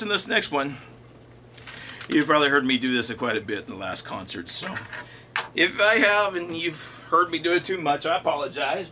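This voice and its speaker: A man's voice: fairly high pitch, a little hiss or hum. A man hosting his own rockabilly music show, chatting casually between songs with easygoing asides. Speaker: rockabilly singer and show host. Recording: loud guitar music under the voice.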